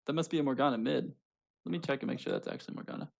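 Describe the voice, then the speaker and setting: A man's voice: medium pitch, rapid-fire, gravelly. A man casting an amateur esports match in a laid-back, chatty way, with self-mocking humor. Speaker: esports caster. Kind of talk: casual esports commentary.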